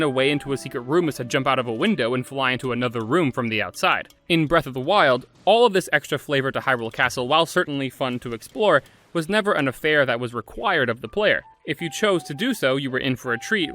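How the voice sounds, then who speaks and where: A man's voice: a little high, pushed and bright. A young man narrating a scripted game review video essay, enthusiastic and opinionated with casual asides.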